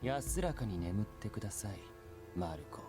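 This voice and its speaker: Guy doing a menacing game cop, super deep voice, quick flat clipped lines. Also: faint music behind, lightly acted. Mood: cold. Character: cold, menacing young male rogue cop.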